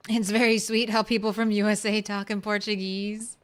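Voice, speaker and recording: A woman's voice: medium pitch, little pitch movement, moderate pace. A woman streamer chatting casually with her viewers while playing a game, rambling and talking to chat. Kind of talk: casual gameplay commentary.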